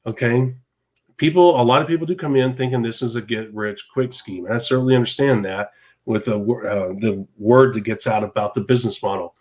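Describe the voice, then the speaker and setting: A man's voice: mid-range voice, moderate pace. Emphatic man preaching motivation. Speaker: podcast host. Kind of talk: motivational monologue.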